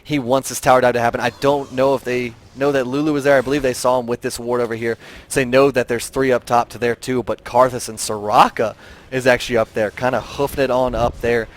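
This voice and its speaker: A tired man giving play-by-play esports commentary, getting excitable and high in big plays. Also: quick pace.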